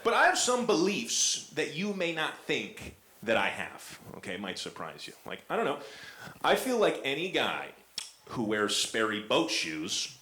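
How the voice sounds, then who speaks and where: A young man's stand-up set in a comedy club is rambling and self-mocking, packed with fillers, in front of an audience. His mid-range voice swings hugely in pitch, unhurried and sharp in tone, amid echoey club acoustics and audience noise.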